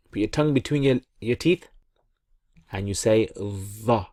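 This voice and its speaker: A woman's voice: extremely low pitch, expressive, moderate pace, pauses often, mellow, clean studio sound. A woman teaching a step-by-step Quran reading lesson. She patiently repeats each syllable for learners to echo and praises them often. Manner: encouraging, frequent praise.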